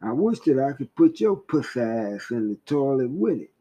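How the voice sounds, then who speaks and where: A man's voice: medium pitch, sing-song, extremely slow, dark tone, heavily acted, low-quality recording. A man voicing a furious, foul-mouthed male prisoner who spits crude insults. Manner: profane, spitting insults.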